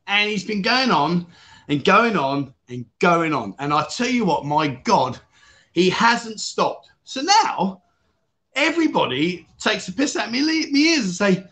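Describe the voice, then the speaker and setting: A man's voice: sits high, big pitch swings, unhurried, pushed and bright. A British man hosting a casual livestream, out of breath, chatty and jokey, rambling with self-corrections. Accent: British English. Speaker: livestream host.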